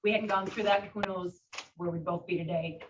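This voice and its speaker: A woman's voice: fairly low pitch, steady tone, normal speed. A woman on a coaching call sharing a personal story in a hesitant, heartfelt way. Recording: distant muffled audio with faint hiss.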